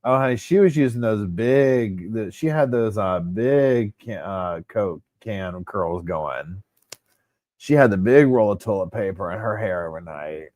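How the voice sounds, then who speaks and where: A man's voice: on the low side, unhurried, no room sound. A man hosting a casual livestream, chatting with his viewers. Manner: chatty, animated, talks to viewers as y'all. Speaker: livestream host. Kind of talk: casual live chat with viewers.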